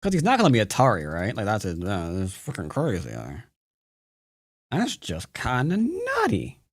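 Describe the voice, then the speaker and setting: A jokey man walks viewers through his moves in live-streamed game commentary. His voice swoops high and low as he clowns around. The sound is dry, with no room around it. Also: huge pitch swings, normal speed, slightly rough, dry recording. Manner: playful, jokey, breaks into silly sing-song nonsense. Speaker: Go teacher.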